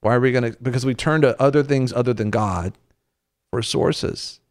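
A man in ministry talks faith with friends in a lively, preacherly way. He stops and restarts often and slips into quoted voices. His voice sits at an ordinary middle pitch. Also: normal speed. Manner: animated, acts out quoted voices. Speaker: minister on a faith talk show. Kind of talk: conversational preaching.

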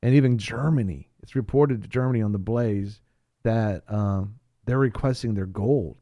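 A man on a talk show panel, talking casually in a rambling, animated storytelling way with frequent restarts. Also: on the low side, normal speed, no echo. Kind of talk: casual chat.

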